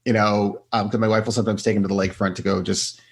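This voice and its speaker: A man's voice: lowish voice, racing, a little hiss or hum. A middle-aged man, a doctor and podcast guest, telling stories in casual chat and acting out what people said. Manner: animated storyteller, acts out quotes with laughs.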